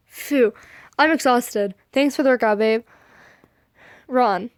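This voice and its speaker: A high-voiced woman works through fan memes slowly, leaving long pauses. She breaks in with sarcastic comments, laughs a lot and doesn't hold back on swearing.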